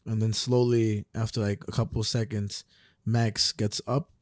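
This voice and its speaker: A man's voice: lowish voice, level tone, unhurried, no echo, studio quality. A young man co-hosting a podcast in casual chat, laid-back and rambling, swearing and laughing often. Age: young adult. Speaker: podcast co-host.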